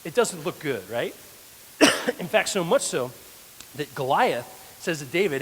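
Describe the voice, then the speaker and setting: Animated male pastor in an echoey church. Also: a little high, measured pace, pauses often. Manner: animated storytelling. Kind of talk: sermon. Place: church hall. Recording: echoey church hall, faint hiss.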